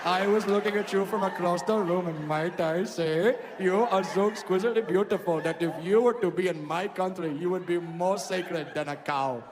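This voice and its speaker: A man's voice: high voice, normal speed, few pauses, pitched below the performer's own voice, lightly acted. A comedian voicing a formal, flowery man with an Indian accent who is flirting with a woman. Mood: courtly, eager. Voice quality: ornate, singsong, formal. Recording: live hall with crowd and noise.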